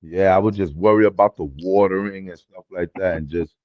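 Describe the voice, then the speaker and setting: A man chatting as a guest on a livestream, slangy and animated, telling stories and acting out dialogue. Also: low voice, brisk, dry recording, lo-fi sound. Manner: excited storyteller, slangy, acts out dialogue. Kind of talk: casual livestream chat.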